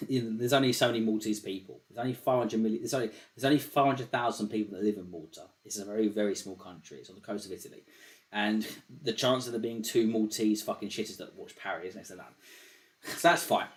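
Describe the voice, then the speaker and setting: A man's voice: lowish voice, quick pace. A man hosting a casual call-in show, talking loosely and swearing often, with a habit of repeating himself. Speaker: show host.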